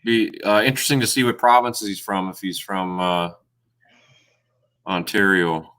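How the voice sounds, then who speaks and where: A man's voice: deep voice, pushed and bright. A man chatting casually about his outdoor videos, with many restarts and fillers. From Minnesota. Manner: halting, loose talker with many restarts. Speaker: guest outdoors video creator. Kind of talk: casual outdoors chat on a livestream.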